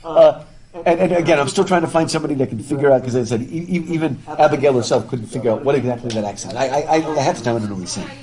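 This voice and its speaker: A man lecturing to a live class while wearing a face mask, chatty and animated, often repeating words as he thinks aloud. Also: medium pitch, rapid-fire, a crowd in the background, low-quality recording. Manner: talking through a face mask. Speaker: professor. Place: university classroom with students. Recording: classroom with students audible.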